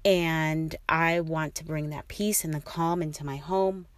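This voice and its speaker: A woman's voice: deep voice, steady tone, measured pace, no room sound. A middle-aged woman talking casually to her listeners, rambling and encouraging with many fillers. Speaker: host.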